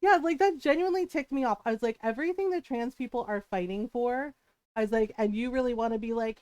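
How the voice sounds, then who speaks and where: A woman streamer chats casually on her livestream, ranting with lots of laughter and swearing. Her voice is smooth and a little high. The sound is dry and close, with no room echo. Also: fast, mellow. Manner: greets chat viewers mid-talk.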